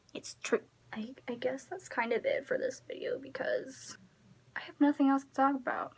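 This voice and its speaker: A woman's voice: sits high, steady tone, unhurried, long pauses, slightly rough. A woman ranting casually to her phone camera at home. She is emphatic and rambling, and drops to a near-whisper as she trails off. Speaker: vlogger.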